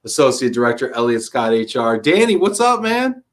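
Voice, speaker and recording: Slangy, energetic live-stream host man. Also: mid-range voice, normal speed. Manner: energetic, slangy, calls people buddy and man. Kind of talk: casual live-stream chat.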